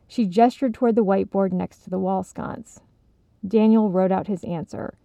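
A woman narrating a story in a steady, even storytelling manner. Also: mid-range voice, normal speed, creaky, dry recording. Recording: slightly dull, dry recording.

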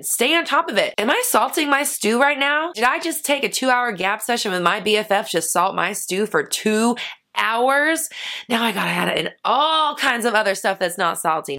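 Bright-voiced blunt woman coach. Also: mid-range voice. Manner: blunt, animated, acts out worried inner voices. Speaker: manifestation coach and host. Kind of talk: casual motivational talk.

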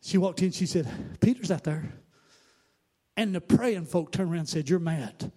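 Pastor, high-pitched man; sermon that swings between hushed asides and loud, chanting outbursts. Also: moderate pace. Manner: swings from quiet asides to shouted, sing-song preaching.

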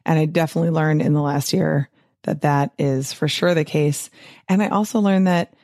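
A middle-aged woman hosting her own podcast, talking in a chatty, upbeat way with quick asides and frequent laughs. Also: low voice, fairly even intonation, a little mellow, dry recording, studio quality. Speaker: podcast host, physician and weight-loss coach. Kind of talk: casual solo podcast talk.

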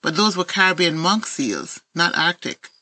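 A woman's voice: lowish voice, expressive, normal speed, bright, forceful tone. A woman with an Antiguan accent voicing a laid-back, friendly young male jellyfish in a children's story, talking in breezy, easygoing banter.

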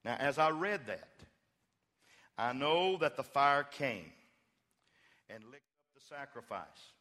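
A male pastor preaching a sermon in a church, swinging from quiet, joking storytelling to loud, fervent exhortation. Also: medium pitch, big pitch swings, slow, big-room sound. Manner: playful humor while retelling scripture. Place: church sanctuary.

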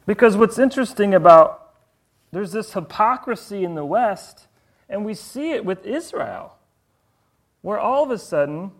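High-voiced animated male preacher. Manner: animated, rhetorical questions to the audience. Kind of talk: sermon.

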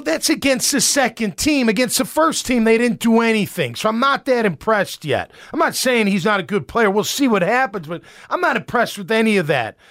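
Man, sports talk host, emphatic, rambling, high voice. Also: a bit bright, dry recording, studio quality. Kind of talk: opinionated sports commentary.

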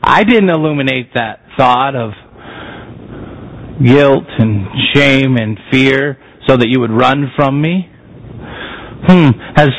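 A man's voice: a little high, a little slow, a bit bright. A man preaching a sermon, emphatic and posing rhetorical questions to the congregation. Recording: muffled lo-fi sound.

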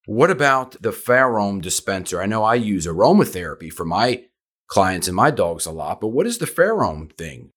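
A man's voice: on the low side, sing-song, normal speed, fairly bright tone, husky. A man hosting a podcast, talking with enthusiasm in an easy conversational way as a dog trainer. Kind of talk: conversational interview.

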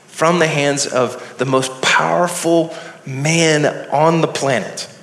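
A man telling a Bible story live in a large hall, slow and earnest, often repeating phrases. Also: medium pitch, pushed and bright. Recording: echoey hall with long reverb.

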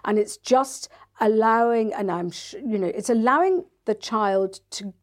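An NLP practitioner and author, appearing as an interview guest, talks casually in a slightly high, slightly slow voice. She is chatty and acts out the quoted voices of parents and kids.

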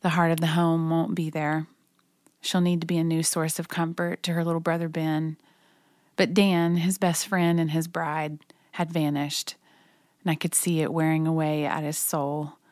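A woman recounts a personal memory in a low, soft voice. Her delivery is quiet and reverent, unhurried and reflective. The recording is dry and close, with no room around it. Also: flat delivery, no room sound. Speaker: narrator reading her own memoir. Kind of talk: personal storytelling narration.

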